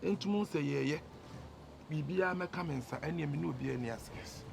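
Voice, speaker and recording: A man with a Ghanaian accent, talking in an animated, scheming way and mixing in English. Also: a little high, fairly quick, vocal fry, slight background noise. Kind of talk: Ghanaian film acting.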